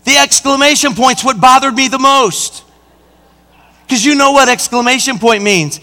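A man, a senior pastor, preaching a sermon with emphatic delivery that rises toward near-shouts, recorded in a reverberant church hall. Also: extremely high pitch, normal speed.

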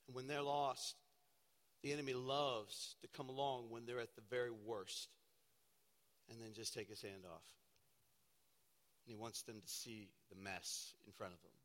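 A man, a pastor, preaching a sermon with dramatic storytelling that swings from loud to hushed. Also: medium pitch, steady tone, moderate pace, pauses often. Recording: long hall reverb.

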